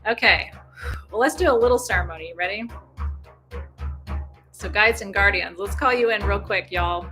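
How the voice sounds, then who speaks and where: A woman's voice: mid-range voice, normal speed, pushed and bright, soft background music. A woman hosting a full moon ritual, chatting casually and calling in guides with playful whoops. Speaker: spiritual ritual host. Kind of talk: casual livestream ritual talk.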